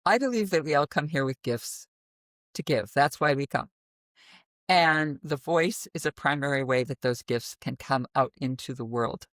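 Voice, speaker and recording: Her naturally deep voice comes through at normal speed in a studio-quality recording with no echo. This woman, a voice teacher from the middle of the United States, is a guest in a conversational interview, telling her story animatedly and breaking into sudden vocal demonstrations.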